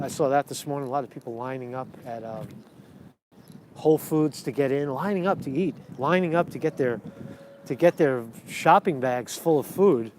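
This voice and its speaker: A man's voice: fairly high pitch, darkish tone. A man vlogging as he walks empty city streets, rambling and repeating himself, on a handheld camera. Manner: rambling, repeats himself, talks while walking. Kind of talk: walk-and-talk street vlog. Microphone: handheld camera while walking. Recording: faint street noise outdoors.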